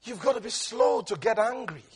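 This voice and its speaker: A man preaching with a very high, bright and husky voice that swings widely in pitch. He drags key words out slowly for emphasis and breaks into voiced quotes as he teaches. The delivery is a lively sermon. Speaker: pastor.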